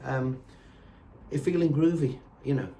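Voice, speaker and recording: A man's voice: medium pitch, fairly even intonation, unhurried, mellow. A man teaching guitar casually, scatting rhythm syllables aloud while he plays. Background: acoustic guitar playing.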